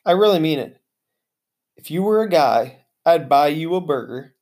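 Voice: animated, moderate pace, darkish tone, natural voice. A reader doing an exuberant lovestruck janitor. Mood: gushing. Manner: exuberant, booming. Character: excitable lovesick man, a school custodian.

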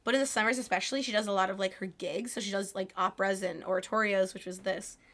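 A young woman co-hosting a podcast, talking casually with plenty of fillers. She is chatty and quick to giggle. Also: mid-range voice, fairly even intonation, fairly bright tone. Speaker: podcast co-host. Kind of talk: casual chat.

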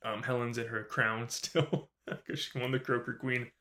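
Animated swearing man recapping a film. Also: medium pitch, normal speed. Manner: animated, swears often, acts out characters' lines. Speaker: podcast co-host. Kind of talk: casual movie review recap.

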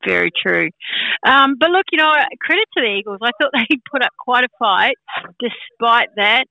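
A woman's voice: a little high, animated, normal speed, gravelly, sharp tone, dry recording, muffled recording. A woman from New Zealand giving casual sports chat as a football pundit, chatty with many fillers.

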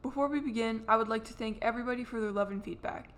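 A woman co-hosting a podcast, chatting casually and reading the show intro in a relaxed, friendly way. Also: a little high, racing. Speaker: podcast co-host.

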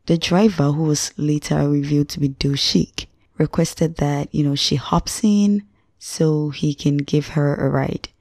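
A woman's voice: low-pitched, fairly even intonation, a little slow, darkish tone, no echo, studio quality. A young woman, hosting a podcast and reviewing a film in a chatty, slangy way that talks straight to the listener. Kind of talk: casual spoken movie review.

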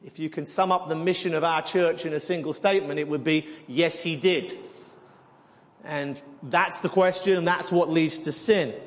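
A man's voice: on the high side, fairly even intonation, a little fast, hardly any pauses. A man preaching a sermon, teaching animatedly and often repeating words as he goes. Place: church hall. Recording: long hall reverb.

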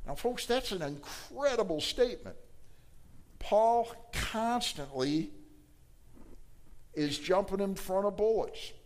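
A man's voice: slow, pauses often. A man teaching a Bible class verse by verse, quizzing his listeners and acting out the quoted lines. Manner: asks the class questions and acts out the quoted lines; animated, with sudden jumps in pitch and loudness.

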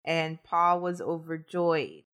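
A woman's voice: deep voice, lively intonation, slow, fairly bright tone. A woman co-hosting a podcast, telling a true-crime story in casual chat and trading jokes along the way. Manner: recounts the case, breaks off to joke with co-hosts. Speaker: podcast co-host, case narrator.

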